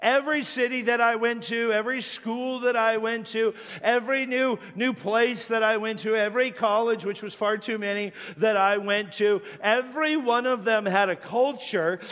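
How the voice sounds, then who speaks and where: A man's voice: high voice, normal speed, hardly any pauses, fairly bright tone, big-room sound. A middle-aged pastor from Washington State preaching a sermon, telling stories and repeating phrases as he builds a point. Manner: storytelling, repeats words when building a point.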